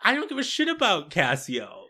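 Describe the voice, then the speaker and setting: A co-host recapping a film in casual chat, with dry deadpan jokes and blunt swearing. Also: medium pitch, normal speed, husky. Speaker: podcast co-host.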